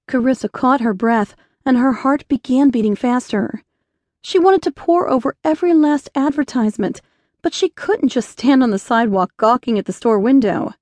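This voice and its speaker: A woman narrating an inspirational romance audiobook in a measured storytelling voice on a close studio mic. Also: high voice, darkish tone, no echo. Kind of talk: scripted narration.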